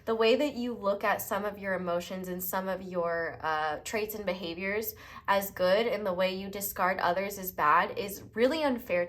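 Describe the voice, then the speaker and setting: A young woman giving an unscripted tarot reading, talking in a gentle, reflective and reassuring way. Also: mid-range voice. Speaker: tarot reader.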